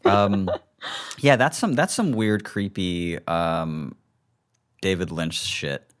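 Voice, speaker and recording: Deep, very low-voiced joking man. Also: slow pace. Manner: joking, swearing, trailing off. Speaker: podcast co-host. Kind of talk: casual chat.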